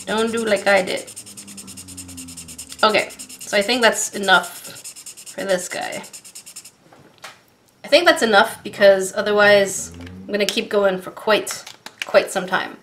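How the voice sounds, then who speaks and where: A young woman vlogging an art supply unboxing and marker demo, excitable and giggly, often repeating herself as she talks. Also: mid-range voice, unhurried, pauses often, slight background noise. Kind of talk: casual unboxing and product demo.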